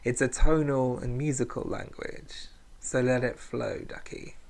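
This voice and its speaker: A man's voice: medium pitch, a little slow, vocal fry, darkish tone. A man hosting a playful slang language lesson as a podcast, with a camp, sing-song and cheeky delivery. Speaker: language teacher, podcast host.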